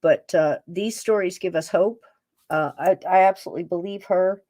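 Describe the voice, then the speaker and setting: A woman hosting a paranormal podcast, talking casually and warmly. She rambles from one thought to the next and laughs often. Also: fairly low pitch, moderate pace, dry recording, clean studio sound. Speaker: podcast host. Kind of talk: casual chat, talking to her pets on camera.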